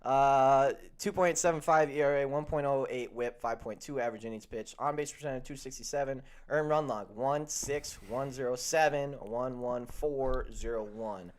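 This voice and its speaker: A man hosting a sports betting show, chatting casually and joking, then running through stat lines. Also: medium pitch. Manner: upbeat, jokey, reads stat lines quickly.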